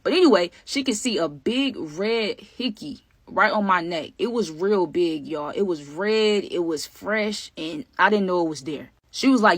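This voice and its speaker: A woman telling a storytime vlog to her viewers, animated and slangy, calling them y'all and acting out what people said. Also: fairly low pitch, measured pace, hardly any pauses, no echo. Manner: acts out other people's lines mid-story.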